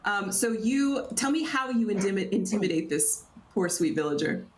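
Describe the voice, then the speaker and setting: A woman's voice: mid-range voice, expressive, normal speed, reverberant, slight background noise. A woman narrating a tabletop game as game master, giggly and stumbling over her words.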